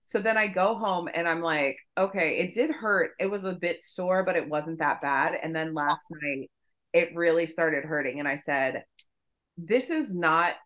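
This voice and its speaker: A woman co-hosting a podcast, telling a story in casual chat, profane and animated. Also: sits low, measured pace. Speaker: podcast co-host.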